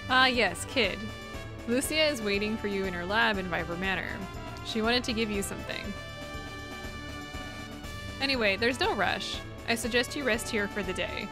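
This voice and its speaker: Game role read aloud: a gentle old village elder, voiced by a woman. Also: medium pitch, normal speed, long pauses, music in the background, natural voice, poor audio. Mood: calm.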